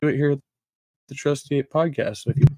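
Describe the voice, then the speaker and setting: Mellow man fumbling through stream setup. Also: mid-range voice, fairly quick, no room sound. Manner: distracted, fumbling with fillers. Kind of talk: casual live-stream talk.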